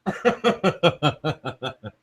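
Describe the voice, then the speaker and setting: A man's voice: a little high, big pitch swings, drawn-out words, slightly rough, no room sound. A man hosting a casual online chat, rambling with many restarts and tag questions like "right?". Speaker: show host.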